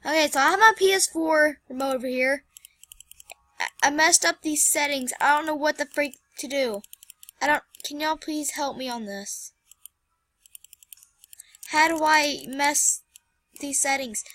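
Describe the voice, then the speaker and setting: A woman's voice: high voice, measured pace, long pauses, fairly bright tone, no echo. A young woman hosting a casual let's-play, flustered and exclaiming as she plays. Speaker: gameplay channel host.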